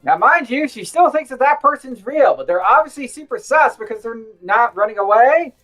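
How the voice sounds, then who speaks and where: A woman's voice: on the high side, lively intonation, moderate pace, fairly bright tone, faint music behind. A woman playing a tabletop game, chatty and wry. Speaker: player.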